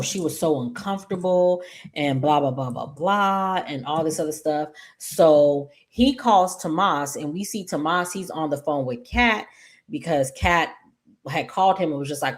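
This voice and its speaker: Sassy low-voiced woman recapping soaps. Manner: chatty, animated, sassy asides to viewers. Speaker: soap opera recap host. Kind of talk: casual episode recap.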